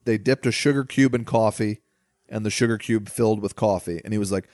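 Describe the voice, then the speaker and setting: A man's voice: on the low side, fairly quick, darkish tone, dry recording, clean studio sound. A man co-hosting a podcast, chatting casually and animatedly about movies and swearing freely. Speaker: podcast co-host.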